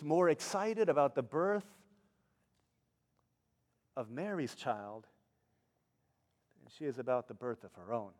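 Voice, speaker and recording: A middle-aged male pastor preaching a sermon, telling stories in an animated way and acting out the people in them. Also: medium pitch, takes it slowly, pauses often, in a large hall. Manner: animated storytelling, acts out characters.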